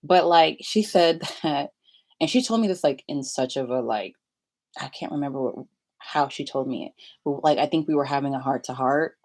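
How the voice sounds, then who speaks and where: A woman's voice: a bass voice, normal speed, darkish tone. A young woman vlogging in a rambling confessional chat, full of filler likes and laughing often.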